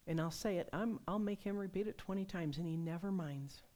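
A woman preaching a sermon, telling personal stories in a conversational, animated way. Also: on the low side, a little fast. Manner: conversational, animated storytelling with laughs.

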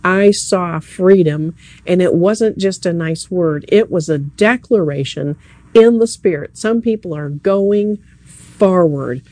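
Earnest, mellow-voiced preacher at an evening service. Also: medium pitch, slow pace, dry recording. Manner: earnest, conversational, addresses listeners directly. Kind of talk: sermon.

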